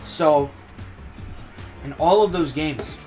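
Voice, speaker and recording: A man's voice: a little high, takes it slowly, darkish tone, faint music behind. A young man chatting casually as a guest on a gaming podcast, stating his opinions in a matter-of-fact way.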